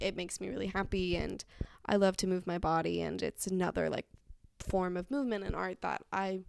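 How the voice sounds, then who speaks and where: Woman rambling in her vlog, says like a lot, swears casually, gravelly fry, dry close sound. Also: medium pitch, no echo. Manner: chatty, lots of "like" fillers, casual swearing. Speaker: vlogger.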